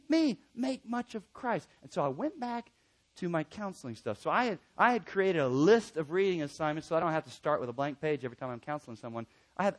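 Middle-aged man, preacher, slightly high pitch, emphatic peaks and soft storytelling. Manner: swings from loud emphatic peaks to quiet intimate storytelling. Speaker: pastor. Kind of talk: sermon.

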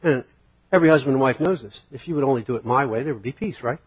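Husky-voiced pastor preaching a sermon. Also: male voice, mid-range voice, very fast. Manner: conversational, rhetorical questions, acts out quotes. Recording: dull lo-fi sermon recording.

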